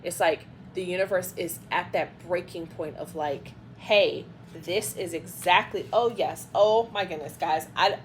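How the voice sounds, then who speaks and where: A woman giving a casual tarot reading, telling a rambling, excitable story full of fillers and lost words. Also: on the low side, moderate pace, few pauses, a little hiss or hum. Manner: excitable, loses words mid-sentence. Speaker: intuitive tarot reader.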